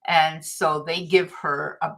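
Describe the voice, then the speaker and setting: Middle-aged woman, lowish voice, anecdotal livestream host with a chatty, laughing delivery. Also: level tone, slow pace, vocal fry, a bit bright. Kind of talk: casual motivational talk.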